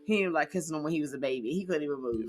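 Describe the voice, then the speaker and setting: A woman's voice: low voice, lively intonation, racing, faint music behind. A woman co-hosting a casual horror movie podcast, rambling and acting out scenes as she talks. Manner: rambling, laughs easily, mimics characters. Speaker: podcast co-host. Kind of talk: casual movie review chat.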